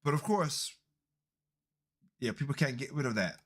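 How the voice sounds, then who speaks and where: A man's voice: medium pitch, animated, normal speed, a bit bright. A man hosting a casual podcast, commenting on video clips in an emphatic, repetitive way. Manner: emphatic, repeats his points. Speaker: podcast host.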